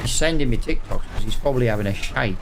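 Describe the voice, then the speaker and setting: A man's voice: medium pitch, lively intonation, quick pace, background noise. Chatty man commenting on gameplay. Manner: chatty, exasperated, talks to viewers. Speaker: gaming streamer.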